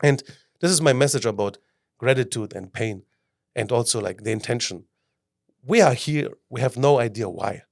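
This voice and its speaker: A man's voice: medium pitch, moderate pace, gravelly. A man from Greece, a guest mentor giving a passionate motivational podcast talk in English, often acting out the voices of people he quotes. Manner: non-native phrasing.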